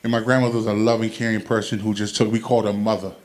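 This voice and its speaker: A man doing stand-up comedy, telling animated stories and acting out the people in them, on a club stage with a handheld mic. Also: lowish voice, racing. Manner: animated, acts out quotes with loud shouted punchlines. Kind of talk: stand-up storytelling.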